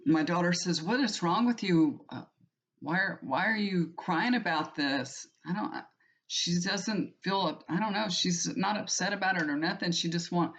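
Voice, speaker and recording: A woman's voice: on the low side, moderate pace. A woman, chatting to her viewers in a rambling, heartfelt way full of restarts. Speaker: tarot reader and channel host. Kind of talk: casual personal chat to viewers. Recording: muffled lo-fi recording.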